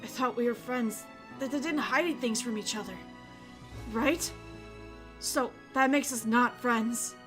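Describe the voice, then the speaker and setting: A woman's voice: fairly high pitch, unhurried, over music, close to an everyday voice. A woman voicing a guilt-ridden, bitter teenage boy while reading a visual novel aloud. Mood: accusing. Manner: brooding, accusing, then self-blaming.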